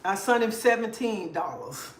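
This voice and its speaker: An older woman, chatting casually on a livestream and telling animated stories with quoted dialogue. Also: medium pitch, normal speed, echoey room, heavy background noise. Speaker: livestream host. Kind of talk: casual chat.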